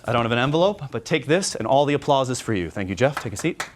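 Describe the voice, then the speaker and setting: Energetic man giving a convention workshop. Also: mid-range voice, fast talker. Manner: energetic, conversational, many "right?" tags. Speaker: magician giving a workshop talk. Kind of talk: convention workshop talk with demonstration. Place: convention lecture room.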